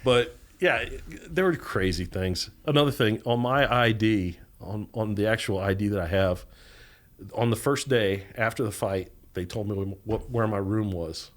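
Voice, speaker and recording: A man's voice: on the low side, unhurried. A middle-aged man, a podcast guest, telling stories animatedly and acting out the voices of people he quotes. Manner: animated storyteller, acts out quoted voices, laughs often. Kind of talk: storytelling interview.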